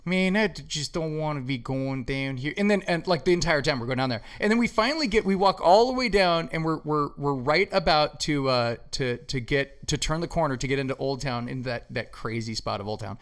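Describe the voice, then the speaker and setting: A man hosting a podcast, telling stories in casual chat, swearing a lot and acting out quotes loudly. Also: a little high, animated, fairly quick, few pauses. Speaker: podcast host.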